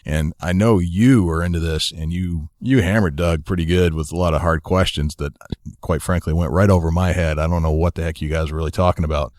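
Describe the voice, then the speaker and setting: Deep-voiced easygoing podcast host, a man. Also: fairly even intonation, brisk, darkish tone, dry recording, clean studio sound. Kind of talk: casual podcast chat.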